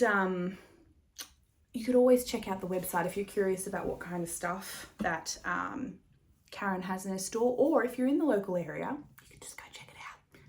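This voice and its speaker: A woman talks through her knitting podcast in a loose, rambling way, laughing often and dropping the odd swear word. Her voice sits at an ordinary middle pitch for a woman. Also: creaky, a bit bright. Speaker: podcast host. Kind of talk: casual chat.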